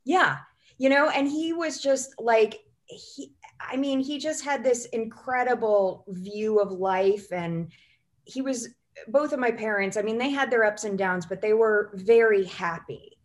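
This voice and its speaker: A woman's voice: fairly high pitch, measured pace. A woman, a writer and goals coach, talking as a podcast guest and telling long, chatty stories full of "you know" and "like". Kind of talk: casual interview chat.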